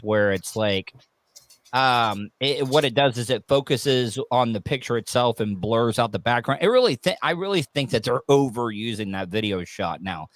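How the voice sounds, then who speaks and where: A man's voice: medium pitch, no echo. A man hosts a podcast in a loose, joking style, wandering between his questions. His voice sits in the middle range and is recorded dry, with no room around it. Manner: joking, rambling, lively. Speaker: podcast host. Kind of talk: casual podcast chat.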